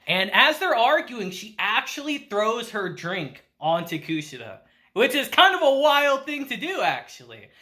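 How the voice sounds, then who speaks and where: A man casually recapping an anime episode, chatty and animated, laughing often. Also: very high-pitched, unhurried. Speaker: anime reviewer.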